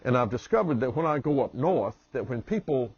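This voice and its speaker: A Southern US man drawls slowly through a promotional self-introduction, his voice a little husky. The sound is dry and dull, like a lo-fi recording. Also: medium pitch, lively intonation, no room sound. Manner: slow, drawling delivery. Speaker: humorist and motivational speaker.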